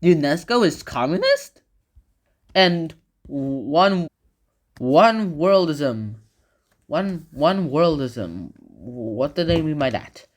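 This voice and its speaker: In a sing-song voice on the high side, drawing out his words, a man gives loose, casual history commentary for a video. He rambles and loops back with fillers and restarts, tossing sarcastic remarks in between points.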